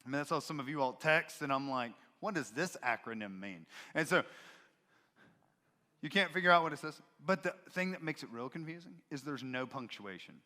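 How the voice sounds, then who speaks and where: Bright-voiced preacher in a reverberant church. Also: male voice, on the high side, fairly quick. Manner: expressive preaching, acts out quoted voices with emphasis. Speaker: pastor. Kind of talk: sermon. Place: church sanctuary.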